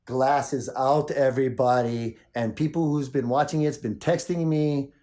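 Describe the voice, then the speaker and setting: A man from Maui hosting his own show, talking in an excited, rambling way with lots of repeats. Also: medium pitch, normal speed. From Maui, Hawaii. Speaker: show host. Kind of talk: casual video chat.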